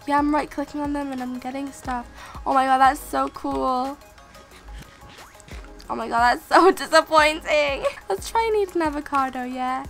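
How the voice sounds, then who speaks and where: A sick woman giving excitable let's-play gameplay commentary as a channel host, gasping and exclaiming and talking straight to her viewers. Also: sits high. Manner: excitable, gasps and exclaims, addresses viewers directly.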